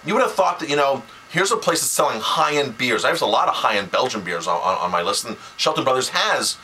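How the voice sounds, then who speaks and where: Exasperated man with a bright voice. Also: medium pitch, fast talker, slight background noise, low-quality recording. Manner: animated and exasperated, with many restarts. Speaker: chef and restaurant owner. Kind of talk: casual to-camera rant.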